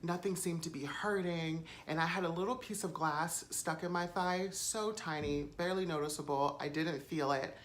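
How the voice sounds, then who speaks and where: A woman's voice: lowish voice, normal speed, hardly any pauses, slight background noise. A woman vlogger recording on a phone camera at home, telling a story casually with lots of fillers and swearing. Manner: chatty, swears freely, many fillers.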